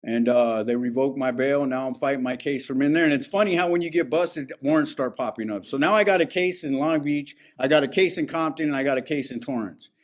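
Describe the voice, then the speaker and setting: This speaker gives his recovery testimony to an alumni meeting, talking with streetwise candor and plenty of profanity. His mid-range voice is brisk, with hardly any pauses.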